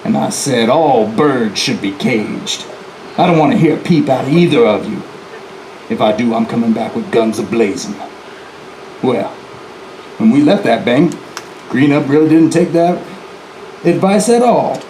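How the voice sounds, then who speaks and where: A man's voice: mid-range voice, unhurried, pauses often, a little mellow, reverberant, slight background noise, lightly acted, low-quality recording. A man playing a boastful, defiant male outlaw bank robber in a folksy first-person storytelling performance, talking straight to the audience. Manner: folksy, chatty asides to the audience. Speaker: historical reenactor. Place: live presentation venue, indoors.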